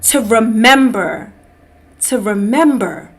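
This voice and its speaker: A middle-aged woman hosting a podcast, telling a personal story in a slow, reflective way and calling her listeners beloved. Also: on the high side, animated. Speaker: podcast host. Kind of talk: personal testimony, casual talk.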